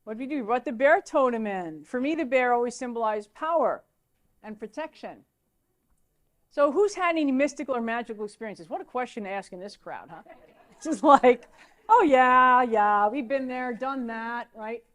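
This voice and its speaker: A middle-aged woman, a teacher giving a lecture full of lively anecdotes and excited asides. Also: fairly high pitch, fairly quick. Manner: animated storytelling, excitable asides.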